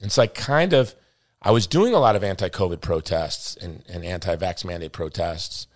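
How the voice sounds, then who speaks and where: At a moderate pace, a low-voiced middle-aged man spins a story while hosting his podcast, acting out quoted voices with energy. "Dude" and "brother" pepper his casual chat, recorded dry at studio quality.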